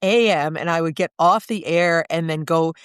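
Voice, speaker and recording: An older woman with a New York accent, telling lively stories as a guest in an interview and acting out the people in them. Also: fairly low pitch, moderate pace, smooth, no room sound, studio quality. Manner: lively storyteller, acts out voices. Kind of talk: storytelling interview.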